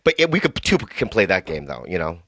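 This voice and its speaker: A man in his forties riffs crudely on a podcast, his pitch leaping up and down as he rambles. The sound is dry and close to the mic. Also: huge pitch swings, brisk, pushed and bright, dry recording. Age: 40s. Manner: crude, rambling, laughs often. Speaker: podcast co-host. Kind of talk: casual comedic chat.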